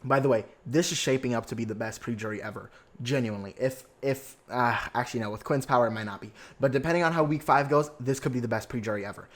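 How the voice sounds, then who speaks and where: A young man hosting a podcast, recapping a reality show in a sassy, excitable way with lots of slang and swearing. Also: mid-range voice, fast, hardly any pauses. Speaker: podcast host.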